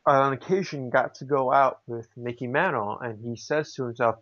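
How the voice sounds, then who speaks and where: A man co-hosting a casual podcast, rambling through anecdotes with frequent restarts. His voice sits at a middle pitch. The recording sounds slightly dull and lo-fi. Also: moderate pace, hardly any pauses, a bit bright. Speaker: podcast co-host.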